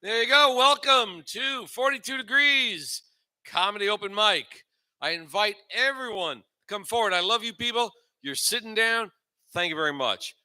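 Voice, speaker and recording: A man's voice: sits high, bright, forceful tone. A man in his forties hosting a comedy open mic, rambling loosely between dry, self-mocking punchlines. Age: 40s. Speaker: host and stand-up comedian. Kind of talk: stand-up comedy set.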